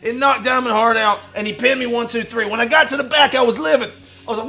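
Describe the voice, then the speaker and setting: A man hosting a livestream in a wrestler persona, boastful and profane, talking like a wrestling promo and bursting into shouts. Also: very high voice, fast, gravelly, soft background music. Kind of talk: brash wrestling promo talk.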